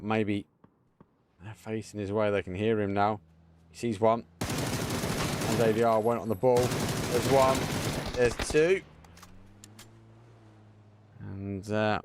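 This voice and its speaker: Excitable esports caster. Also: male voice, fairly low pitch, a little hiss or hum. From Essex, England. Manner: quick, excitable calls in short bursts. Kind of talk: live play-by-play game commentary.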